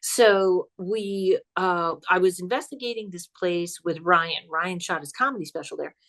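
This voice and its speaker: A woman guesting on a podcast as a psychic comedian, telling a spooky story in an animated, chatty way and laughing as she goes. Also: on the low side, measured pace. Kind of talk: casual storytelling chat.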